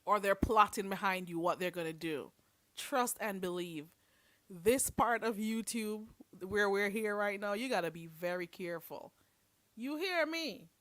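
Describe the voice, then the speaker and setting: A woman's voice: mid-range voice, unhurried, fairly bright tone, dry recording. A woman hosting a livestream, giving blunt, sassy commentary and preachy advice. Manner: blunt, sassy, preachy, calls listeners "girl". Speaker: livestream host.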